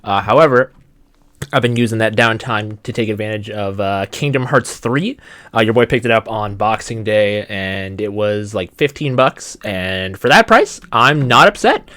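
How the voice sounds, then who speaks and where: A man's voice: fairly low pitch, lively intonation, normal speed, fairly bright tone. A young man from Canada hosting a casual podcast, chatty with lots of ums. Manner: chatty, many ums and restarts. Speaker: podcast host. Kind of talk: casual chat.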